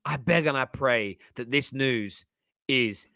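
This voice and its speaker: A man's voice: mid-range voice, slow, creaky, noisy background. A man hosting football fan commentary, talking in a passionate, emphatic way. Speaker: football channel host.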